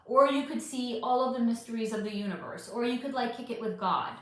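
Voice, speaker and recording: A woman hosts a psychic livestream from a very echoey room, speaking briskly in a slightly high, somewhat bright voice. She chats candidly with viewers, swearing freely as she responds to their comments.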